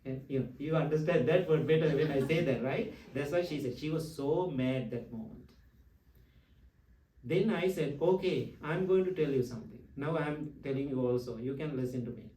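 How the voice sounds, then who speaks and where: A Sri male Buddhist monk telling stories in a dharma talk, playful and quick to tease his listeners. His voice sits a little high yet sounds mellow and soft-edged. He is picked up from across an echoey room. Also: slight background noise. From Sri Lanka. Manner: playful, teasing, asks the audience questions. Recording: echoey room, far from mic.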